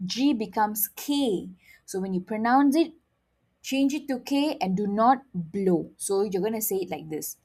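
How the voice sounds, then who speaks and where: A woman leads a playful beginner language lesson, her voice swooping up and down as she repeats each word. She speaks at an unhurried, deliberate pace, pitched a little above most women. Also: sing-song, a little mellow. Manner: upbeat, drills words with rising repetition. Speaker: Mandarin teacher.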